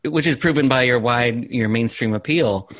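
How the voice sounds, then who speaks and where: A man's voice: mid-range voice, normal speed, a bit bright. A man hosting an interview, attentive, giving short backchannels and asking long, winding questions. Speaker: interviewer, host.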